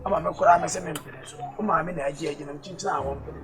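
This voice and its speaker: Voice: mid-range voice, rapid-fire, fairly bright tone, far from the mic, close to an everyday voice. An actor with a Ghanaian accent playing an elder who scolds and lectures the young women in a comedy skit. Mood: scolding.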